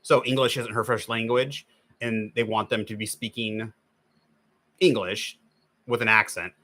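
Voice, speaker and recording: A man with a fairly low, bright voice speaks at an unhurried pace with fairly even intonation. He's a livestream host chatting casually as he draws, rambling and restarting often. He complains first, then walks viewers through drawing tips step by step.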